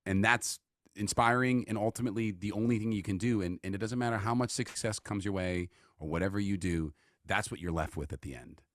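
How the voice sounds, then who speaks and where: A man's voice: on the low side, brisk, no room sound, clean studio sound. A man with a New York accent, a guest on a podcast, talking earnestly and with profanity about life. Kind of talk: casual reflective chat.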